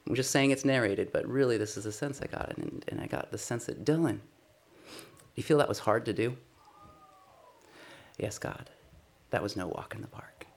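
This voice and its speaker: Earnest man with a gravelly voice. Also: mid-range voice. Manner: earnest, self-deprecating storytelling. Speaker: speaker sharing a personal testimony. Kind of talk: conversational sermon.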